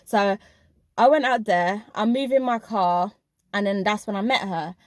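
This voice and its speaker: A woman's voice: medium pitch, a little slow, no echo. A woman, telling a personal story in a casual vlog. She talks emphatically and speaks straight to her viewers. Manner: emphatic, addresses viewers directly. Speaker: vlogger recounting a school job.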